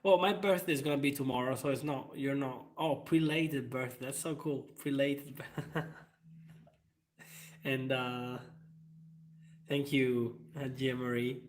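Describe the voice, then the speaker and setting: A man's voice: mid-range voice, steady tone, measured pace, long pauses. A man hosts his own channel in a loose, rambling live-stream chat. He fills his sentences with hesitations and breaks into laughter often. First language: Italian. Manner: rambling, frequent fillers and laughter. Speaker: channel host.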